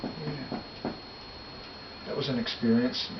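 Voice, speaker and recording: A middle-aged musician reminisces in a casual interview, rambling, correcting himself and laughing easily. His mid-range voice is steady and slow, but the recording sounds echoey, distant and dull, with loud noise.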